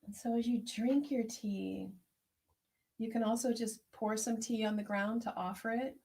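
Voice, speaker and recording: A woman herbalist hosting an online tea circle, speaking in a gentle, unhurried, prayerful way as she reflects and reads out messages. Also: on the high side, fairly even intonation. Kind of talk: reflective spoken meditation and chat reading.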